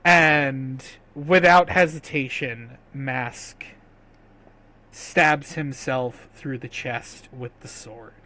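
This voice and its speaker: A man narrating as game master in a tabletop game, measured and sometimes hesitant. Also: mid-range voice, fairly even intonation, sharp tone. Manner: slow, measured narration with fillers.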